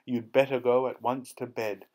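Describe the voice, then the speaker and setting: A man's voice: mid-range voice, level tone, moderate pace, close to an everyday voice. A man voicing a stern mother scolding her child in a storybook poem. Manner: sharp, scolding.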